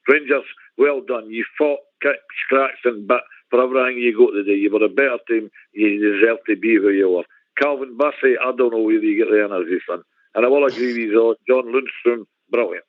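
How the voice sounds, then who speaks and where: A man's voice: medium pitch, fairly quick, dry recording. A man in his forties calling into a radio show, ecstatic and punchy. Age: 40s. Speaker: caller. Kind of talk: casual phone-in chat. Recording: tinny phone line.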